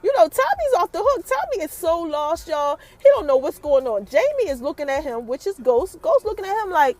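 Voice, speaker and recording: High, lively woman podcast host. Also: brisk, hardly any pauses. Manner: chatty, addresses listeners directly, storytelling. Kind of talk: casual TV episode recap.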